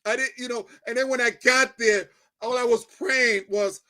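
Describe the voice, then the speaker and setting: A middle-aged man giving a personal testimony as a guest, telling it in an animated way, acting out the dialogue and often checking in with "right?". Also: very high-pitched, normal speed. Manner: animated storyteller, keeps adding "right?"; acts out quoted dialogue.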